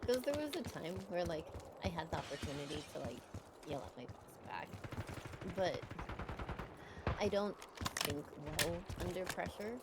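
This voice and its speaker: A guest on a game stream, chatting casually in a halting, hesitant way. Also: medium pitch, animated, very noisy. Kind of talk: casual chat. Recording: very loud game music behind.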